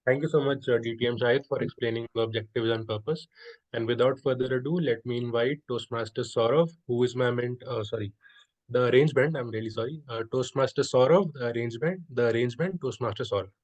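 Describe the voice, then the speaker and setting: A man hosts a speaking club meeting in a polite, formal way. He pauses on fillers now and then. His voice sits at a middle pitch. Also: steady tone, darkish tone, rough recording. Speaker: meeting host.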